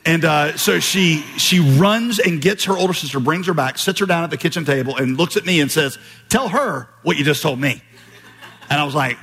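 Animated pastor in a reverberant hall. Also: male voice, a little high. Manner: storytelling with quoted voices, animated and emphatic. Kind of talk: sermon. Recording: long hall reverb, slightly husky.

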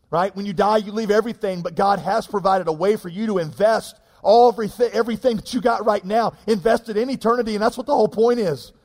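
Animated preacher, high-ish voice. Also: male voice, fast, hardly any pauses, long reverb tail. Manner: animated, joking, self-deprecating storyteller. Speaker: pastor. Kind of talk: sermon.

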